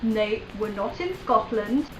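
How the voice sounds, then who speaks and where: A woman's voice: a little high, animated, slow pace, roomy sound. A girl doing her patronising British mum. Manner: patient, patronising. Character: calm condescending British mum. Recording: dull, distant, faint music.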